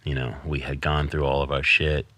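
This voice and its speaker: A middle-aged man speaks as a podcast guest in a very deep voice with a forceful, bright edge. He tells a personal story in candid conversation and slips into animated voices when he quotes others. The sound is dry and close to the mic. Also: a little fast, no echo.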